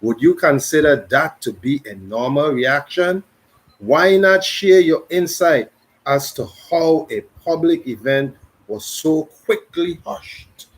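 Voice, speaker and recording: A man with a Crucian Virgin Islands accent, reading a dialogue and explaining in a slow, measured way. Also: on the high side, expressive, slightly rough, poor audio. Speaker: reader and narrator of a dialogue. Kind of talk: dramatic reading.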